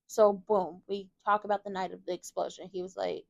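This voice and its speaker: A woman recapping a soap opera episode in casual commentary, animated and sassy, talking straight to her viewers. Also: medium pitch, a little fast, vocal fry, few pauses, no echo.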